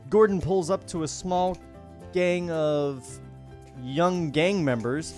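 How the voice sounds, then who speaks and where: A man's voice: a little high, slow pace, darkish tone, faint music behind. A man narrating stage directions in a comedic script table read, breaking off for joking asides.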